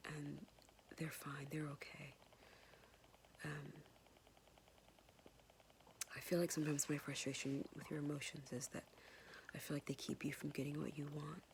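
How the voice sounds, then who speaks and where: A woman whispering a soft, hesitant, tender and apologetic personal message to her son, pausing often. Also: deep voice, creaky, a little hiss or hum. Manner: soft and hesitant, many pauses and fillers. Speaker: mother speaking to her son.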